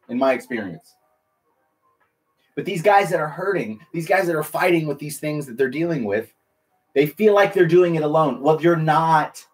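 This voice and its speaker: A man, a military veteran, talking earnestly and emotionally to viewers on a casual live stream, rambling and restarting his sentences. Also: on the high side. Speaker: veteran livestreamer.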